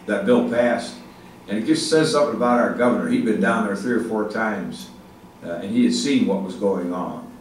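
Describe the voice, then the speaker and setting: An older man giving a speech to an audience, halting with many fillers and restarts, speaking with emphasis. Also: lowish voice, a little mellow. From Ohio, United States. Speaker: state legislative leader giving a speech. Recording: echoey hall, mic far off, faint noise.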